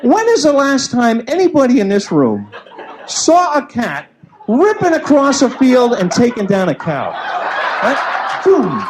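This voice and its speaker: A man's voice: extremely high pitch, a little slow. A man doing a stand-up comedy set on a club stage, acting out little voices in his bits. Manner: animated, acts out voices in bits. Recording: noisy early-90s club taping. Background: audience laughter.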